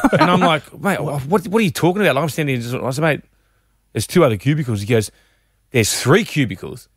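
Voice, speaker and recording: A man's voice: a little high, fairly quick, breathy edge, no room sound, studio quality. A young Australian man hosting a breakfast radio show, telling cheeky stories in casual banter. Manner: animated storyteller, cheeky. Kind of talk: casual sports and banter chat.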